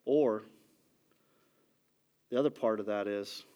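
A pastor giving a conversational sermon, a father who keeps asking "ready?" and moves between loud emphasis and quiet, soft asides. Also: fairly low pitch, slow pace. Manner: conversational preaching with frequent "ready?" check-ins.

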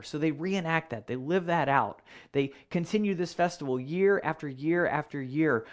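A male pastor delivers a sermon in a voice that sits a little high for a man. He speaks earnestly, repeating phrases for emphasis and slowing down to stress the words that matter.

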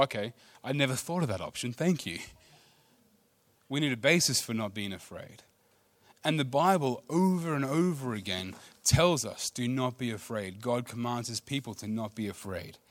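Aussie guy preaching, gets loud then goes quiet, dry close mic. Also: mid-range voice, brisk, dry recording. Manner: animated preaching, swings between loud and hushed. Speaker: pastor. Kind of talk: sermon.

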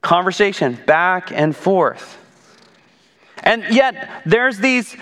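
A man's voice: high voice, expressive, slow, a bit bright. A man giving a conversational sermon as pastor, full of asides and rhetorical questions. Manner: rhetorical asides, frequent "right?". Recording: long reverb of a large hall.

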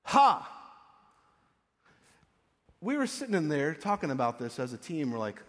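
A man preaching a conversational sermon as pastor, casual and animated, now and then acting out what he quotes. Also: a little high, quick pace. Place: church. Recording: echoey church hall.

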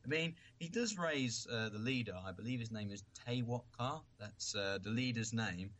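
A British man co-hosting a fan podcast talks casually in an earnest, thoughtful and slightly halting way. His voice is mid-range and a bit bright, and the recording's highs are cut off.

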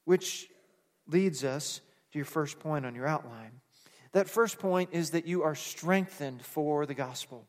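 Man, pastor, sermon, fairly high voice, emphatic call-and-response, church sanctuary, long hall reverb. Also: a little slow. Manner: preaching with rising emphatic bursts and call-and-response.

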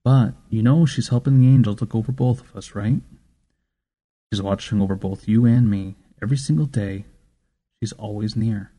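A tender, soothing grandmother over 60, voiced by a male narrator, speaking softly and coaxingly. The voice sits mellow and warm in this storybook reading, unhurried and gentle. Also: lowish voice, natural voice.

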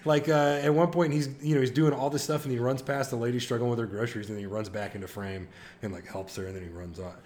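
Brief: male co-host, mid-pitched, animated storyteller, casual chat. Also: quick pace. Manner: excited storytelling with laughs and impressions. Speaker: podcast co-host.

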